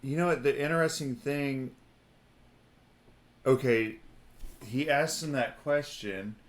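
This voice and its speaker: A man's voice: medium pitch, takes it slowly. A man co-hosting a casual podcast chat about scripture, meandering with lots of fillers and reading passages aloud. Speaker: podcast co-host.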